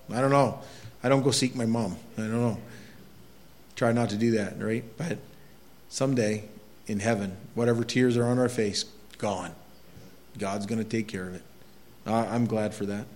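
Conversational middle-aged male preacher. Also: medium pitch. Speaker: pastor. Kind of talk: sermon.

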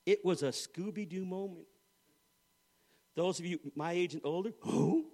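A man's voice: high voice, measured pace, warm tone. A middle-aged man preaching a sermon, telling a humorous personal story and acting out the voices of others. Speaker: pastor.

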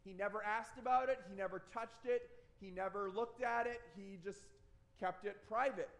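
A man's voice: sits high, fairly even intonation, normal speed, a bit bright. A male pastor in his thirties preaching a conversational sermon, repeating words for emphasis.

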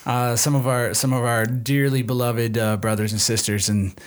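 A man's voice: mid-range voice, little pitch movement, normal speed. A man with a slight Minnesota accent, a pastor talking easily and laughing at himself in a casual podcast chat.

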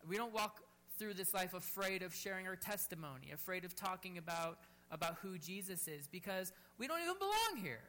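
Fervent pastor with a bright voice. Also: male voice, sits high, very animated, a little fast, few pauses. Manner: fervent, rising to near-shouts on bold exhortations, then quiet and gentle in prayer. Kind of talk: sermon. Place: church service.

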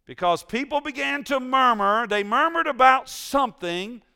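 A man's voice: extremely high pitch, expressive, moderate pace, creaky, sharp tone, smooth. A male preacher giving a conversational sermon in a church, teasing his congregation and asking them questions.

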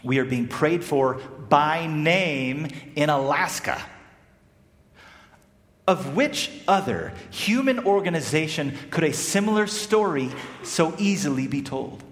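A man from South Africa preaching a sermon, animated, swinging between loud emphasis and hushed, quiet phrases. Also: a little high, slow. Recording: echoey hall with long reverb.

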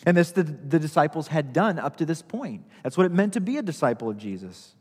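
A man preaches a sermon at a middle pitch, repeating his key phrases for emphasis. His voice rings out with a long reverb through a church sanctuary. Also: fairly quick, a little mellow, slightly rough. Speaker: pastor.

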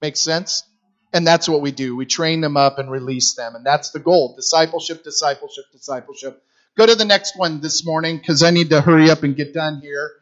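A man's voice: a little high, fairly quick, dull audio. A middle-aged man preaching a sermon in a conversational, storytelling way, repeating phrases for emphasis. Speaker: guest preacher for a youth ministry.

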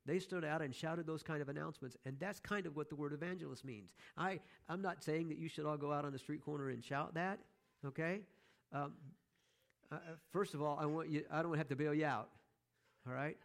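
A man's voice: a little high, fairly quick, gravelly. A man preaching a sermon as pastor, conversational, with joking asides to the congregation.

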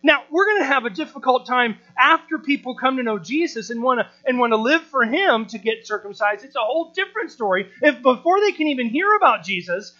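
A pastor in his thirties delivers a sermon with a bright, forceful voice, animated and full of rhetorical questions and repeated words. The recording is dull and lo-fi, with a mains hum underneath. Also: very high-pitched, fairly quick, hardly any pauses.

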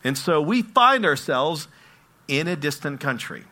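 A man preaching a sermon, telling stories and swinging between hushed asides and loud exclamations. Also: on the high side, sing-song, a little slow. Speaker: pastor.

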